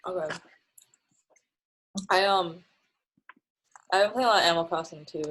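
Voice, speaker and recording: Young woman, lowish voice, casual coding instructor, filler-heavy, laughing, video call audio. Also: moderate pace, low-quality recording. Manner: chatty, relaxed, many fillers and laughs. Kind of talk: casual online class over video call.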